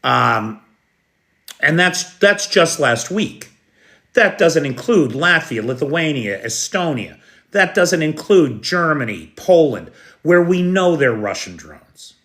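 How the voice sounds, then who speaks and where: A man's voice: a little high, very animated, takes it slowly, fairly bright tone. An American man hosting a live news stream, blunt and sarcastic, who swears now and then and talks directly to his chat viewers. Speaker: livestream news host. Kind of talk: unscripted live news commentary.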